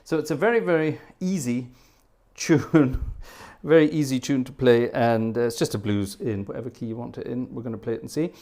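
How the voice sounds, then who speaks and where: An older man hosts an organ livestream, chatting casually between pieces with a mid-range, darkish voice at a moderate pace. He rambles in a self-deprecating way, chuckling and restarting as he spins a playful story. He's a playful storyteller who puts on little voices.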